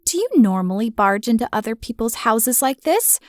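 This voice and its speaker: A woman voicing a hostile, bossy young woman in an audiobook, speaking in sharp, commanding and mocking tones. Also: fairly high pitch, big pitch swings, normal speed, dry recording, clean studio sound.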